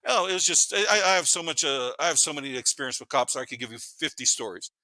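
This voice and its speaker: Fast-talking, bright-voiced man in his fifties. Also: mid-range voice, dry recording. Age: 50s. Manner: rambling and animated, swears freely, laughs while telling stories. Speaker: podcast guest. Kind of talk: casual storytelling.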